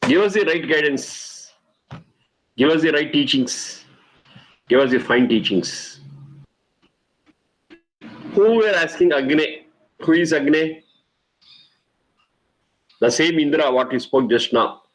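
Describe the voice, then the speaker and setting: A man's voice: fairly high pitch, lively intonation, takes it slowly, long pauses, low-quality recording. A middle-aged man, teaching a lecture on Vedic mantras, explaining patiently and repeating key phrases.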